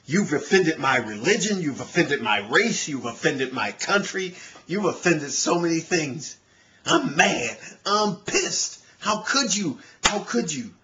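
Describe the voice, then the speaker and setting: A man's voice: fairly high pitch, big pitch swings, measured pace, pushed and bright, voice pushed up, heavily acted. A man voicing an easily offended man who makes a show of his outrage. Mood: indignant. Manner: theatrical mock outrage, exaggerated indignation.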